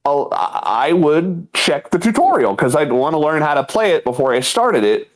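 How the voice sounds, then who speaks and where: A man's voice: on the high side, big pitch swings, moderate pace. A man in his thirties co-hosting a casual comedy podcast. He tells stories with energy, acts out quotes and laughs often. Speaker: podcast co-host.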